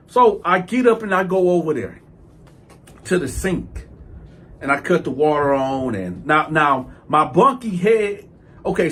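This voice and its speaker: Male host telling a story, high and husky, swearing freely, swinging into loud outbursts. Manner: animated, breaks into loud outbursts when quoting himself; profane street slang. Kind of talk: casual storytelling.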